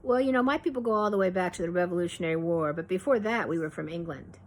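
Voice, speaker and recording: A woman's voice: on the low side, quick pace, natural voice. A woman voicing a stern, proud older grandmother who answers curtly. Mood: brusque. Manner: brusque, dismissive.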